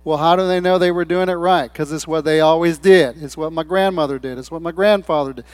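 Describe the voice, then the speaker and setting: A man's voice: a little high, steady tone, brisk, no room sound. A man preaching a sermon in a loose, conversational way, telling stories and quoting people in different voices. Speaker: pastor.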